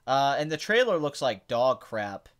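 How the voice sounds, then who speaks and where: A man's voice: mid-range voice, a little slow, clean tone. A man hosting a podcast, chatting casually about movies in a blunt, sarcastic, opinionated way. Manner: blunt, opinionated, sarcastic, swings between flat and excited. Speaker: podcast host answering chat questions.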